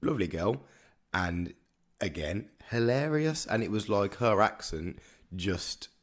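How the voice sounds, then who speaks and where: A man's voice: lowish voice, lively intonation, unhurried. A man with a Birmingham accent co-hosting a casual podcast chat, rambling and repeating words as he thinks. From Birmingham, England. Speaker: podcast co-host.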